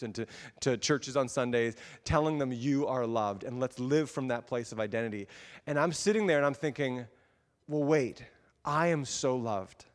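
A man delivers a sermon in a storytelling way, quoting his own nervous thoughts with self-deprecating humor. His voice sits a little high for a man. The sound carries a long reverb, as in a church hall. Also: a bit bright. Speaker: pastor.

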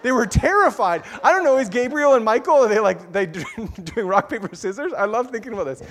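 A man preaches with a high, light voice that carries through a hall with long reverb. He tells his story playfully and with animation, breaking into laughter as he goes. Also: sing-song, quick pace, few pauses, fairly bright tone. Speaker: pastor. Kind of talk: sermon.

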